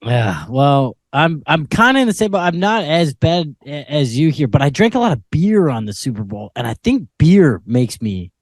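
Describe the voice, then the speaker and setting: A man's voice: a little high, sing-song, moderate pace, few pauses, no room sound, studio quality. A young man co-hosting a comedy podcast, teasing his friend in casual chat and laughing often. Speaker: podcast co-host.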